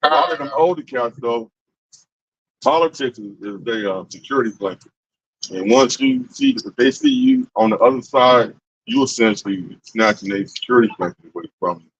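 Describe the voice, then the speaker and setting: Husky low man, dull lo-fi sound. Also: expressive, moderate pace, dry recording. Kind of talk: casual group chat. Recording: dull, lo-fi dry recording.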